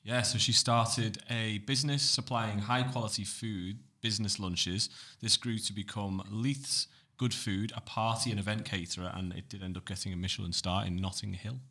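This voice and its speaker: Male producer chiming in with facts, plain matter-of-fact delivery, somewhat low. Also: steady tone, moderate pace, hardly any pauses, pushed and bright, breathy edge. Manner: matter-of-fact, reads from searches. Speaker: podcast producer. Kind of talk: reading out facts.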